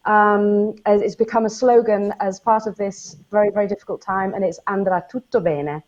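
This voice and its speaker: A woman speaks on a livestream panel over a video call, and she comes across as warm, emotional and encouraging. Her voice sits at a middle pitch. The call audio is dull and lo-fi. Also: flat delivery, normal speed. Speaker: panelist photographer.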